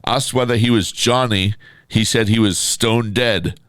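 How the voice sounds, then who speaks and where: Male co-host, low voice, wry and teasing, reads reviews aloud, dry close mic. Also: unhurried, fairly bright tone, no room sound. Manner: wry, laughs while reading, teasing. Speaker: podcast co-host, promoter. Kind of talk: casual chat, reading reviews aloud.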